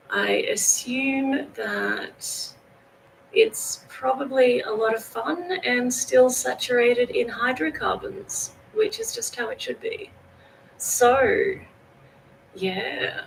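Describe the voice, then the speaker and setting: Slow-talking Australian woman with gravelly voice. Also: a little high, slight background noise, poor audio. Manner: relaxed and chatty, greeting viewers by name. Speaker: livestream host. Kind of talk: casual livestream chat. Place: home in northern Thailand.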